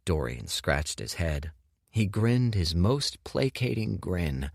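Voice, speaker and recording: A man reading an audiobook in measured scripted narration. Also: sits low, very animated, gravelly, dry recording, clean studio sound.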